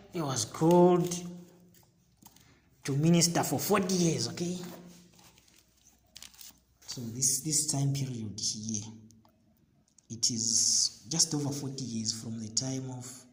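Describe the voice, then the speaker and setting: A man's voice: medium pitch, a little mellow, roomy sound. A man teaching an informal Bible study, reading scripture and explaining it, often checking in with "okay?". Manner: frequent "okay?" checks, rereading and paraphrasing scripture. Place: outdoors in a backyard.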